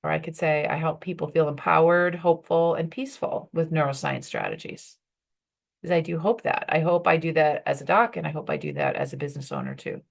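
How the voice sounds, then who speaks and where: A woman's voice: sits low, animated, fairly quick, gravelly. A woman leading a workshop for professional women, talking conversationally and acting out bits of dialogue. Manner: conversational, with fillers and acted-out dialogue. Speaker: workshop leader.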